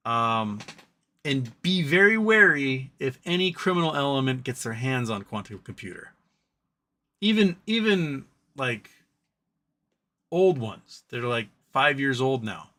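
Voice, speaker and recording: A man's voice: mid-range voice, very animated, unhurried, pushed and bright. A man hosting a live stream, chatting casually about stocks and reading viewer questions, with a rambling delivery full of ums and self-corrections.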